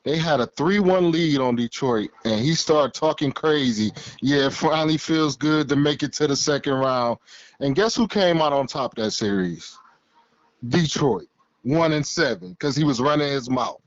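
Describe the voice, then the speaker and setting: A male caller to a sports call-in show, ribbing other callers and boasting in loose slang. His voice is a touch high for a man. It comes through a slightly muffled line, dry and close. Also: lively intonation, moderate pace, no room sound. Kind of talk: casual phone-in banter.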